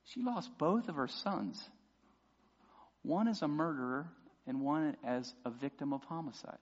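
A man preaching a sermon as pastor, passionate and building to loud emphatic peaks. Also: fairly high pitch, lively intonation, a little slow. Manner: impassioned preaching, voices imagined prayers loudly. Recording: dull sound with long hall reverb.

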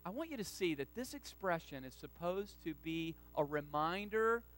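A pastor preaching a sermon with strong emphasis, sometimes calling on the congregation to repeat a line with him. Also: male voice, fairly high pitch, expressive, normal speed, low-quality recording. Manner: emphatic preaching, rising to loud stresses; asks the congregation to repeat lines.

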